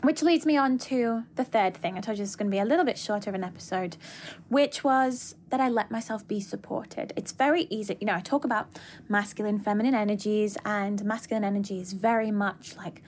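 A woman's voice: mid-range voice, normal speed, a little mellow, slight background noise. A young adult woman, a coach hosting her podcast, talking earnestly and emphatically in a reflective monologue, repeating key words for weight.

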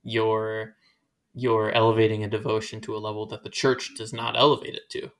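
A man's voice: lowish voice, little pitch movement, normal speed, fairly bright tone. A man talking casually and animatedly about faith, rambling and acting out quoted voices as he goes.

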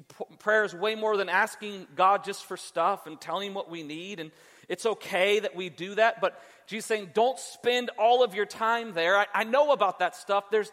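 A man with a fairly high voice preaches a sermon to his congregation, pressing his points with emphasis. He repeats words as he restarts and slows down to land what matters. The sound carries the long reverb of a church hall. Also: pushed and bright. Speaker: pastor. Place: church sanctuary before a congregation.

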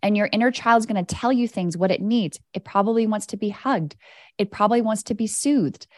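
Spiritual coach lady on her podcast, calm and straight-talking, mid pitch, dry mic. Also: fairly quick, no echo. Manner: soothing, direct, casual swearing. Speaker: podcast host and energy coach. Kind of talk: guided spiritual coaching talk.

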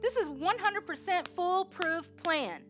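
A woman preaching a sermon with energetic call-and-response exhortation. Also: very high-pitched, slow pace, faint music behind.

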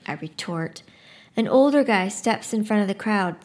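Woman, middle pitch, casual book talk, chatty, expressive read-aloud. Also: normal speed. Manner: chatty, relaxed, frequent "like" quotes; expressive first-person reading.

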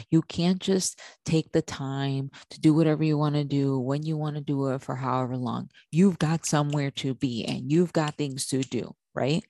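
This podcast host speaks to mothers in a warm, deep voice, recorded dry. Her delivery is repetitive, punctuated by frequent "okay?" check-ins and sentences she halts and begins over.

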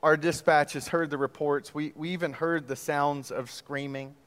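A man's voice: on the high side, fairly even intonation, moderate pace, a bit bright, lightly acted. Man doing a stern Aussie cop. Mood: pressing. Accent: attempted Australian. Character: stern male Australian police officer.

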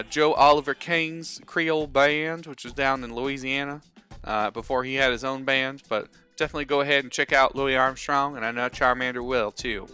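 A man's voice: mid-range voice, pushed and bright, clean tone. A band teacher, a man, talking in a put-on American Southern accent, chatty and rambling in a casual video lesson recorded at home at a table.

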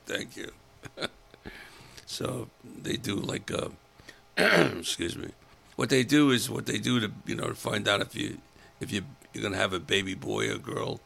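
An older man, a comedian telling crude, animated stories in a casual monologue and acting out the people in them. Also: fairly low pitch, gravelly, a little hiss or hum. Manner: animated storytelling, acts out other voices, blunt and crude. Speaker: comedian host.

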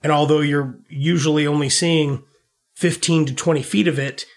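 A man's voice: on the high side, fairly even intonation, moderate pace. A man and a self-described dad, co-hosting a podcast and rambling through a movie plot with lots of swearing and laughter. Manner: profane, rambling, laughs often. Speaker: podcast co-host. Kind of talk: casual movie review chat.

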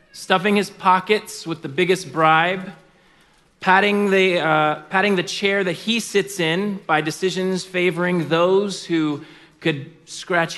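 A man preaches with a high, bright voice that rises and falls dramatically as he tells a story. He speaks slowly and deliberately. Each phrase rings out in a big hall with a long reverb. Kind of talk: sermon storytelling.

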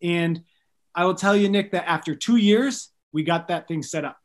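A man in his thirties, a missionary guest on a podcast, telling stories in an earnest, animated way with light jokes. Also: high-pitched, normal speed. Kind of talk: storytelling in a podcast interview.

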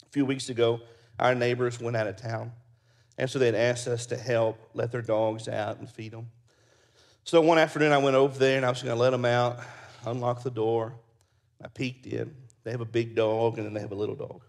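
A pastor preaches with a gravelly, creaky voice at an average male pitch. He tells folksy stories, then settles into quiet prayer. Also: fairly even intonation, normal speed. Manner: folksy storyteller, soft and prayerful at close. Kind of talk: sermon with storytelling.

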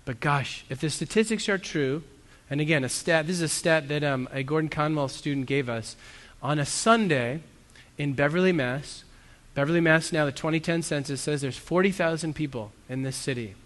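A man's voice: a little high, moderate pace, a bit bright. A man preaching a sermon as a pastor, earnest and conversational, with self-deprecating asides. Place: church hall. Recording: long reverb of a church hall.

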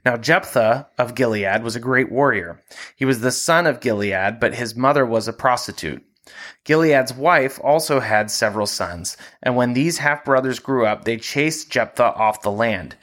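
A man reading a Bible passage aloud in a steady, measured way, hosting a scripture podcast. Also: medium pitch.

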